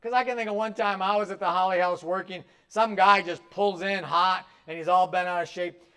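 A man's voice: high-pitched, steady tone, a little fast, pushed and bright, clean tone. A male pastor preaching a sermon, urging his listeners directly and with emphasis. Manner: emphatic, direct exhortation to the congregation.

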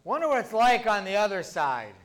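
A man's voice: high-pitched, very animated, fairly quick, fairly bright tone. A man voicing an ordinary man who arrives in heaven and speaks plainly and eagerly, as part of a joke in a sermon. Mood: bored.

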